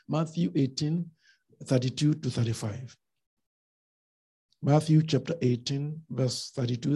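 A man preaching a sermon with emphatic rhetorical questions, swinging between loud and soft delivery. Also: fairly high pitch, a little slow, long pauses, slightly rough.

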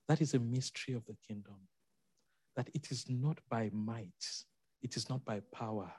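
A man's voice: medium pitch, normal speed, darkish tone, slightly rough, no room sound. A man preaching a sermon, emphatic, repeating key phrases and making asides to the congregation.

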